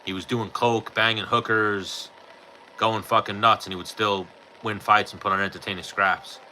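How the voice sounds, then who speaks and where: A man's voice: lowish voice, little pitch movement, normal speed, pushed and bright, slight background noise, poor audio. A man, hosting a podcast and answering chat questions in a blunt, profane, offhand way. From New York. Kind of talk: casual chat.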